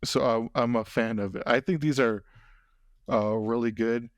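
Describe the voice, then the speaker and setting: A man's voice: mid-range voice, fairly even intonation, moderate pace, no room sound, studio quality. A man hosting a podcast, chatting casually and rambling with lots of fillers. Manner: rambling, lots of fillers and "you know what I mean". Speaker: podcast host. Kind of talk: casual chat.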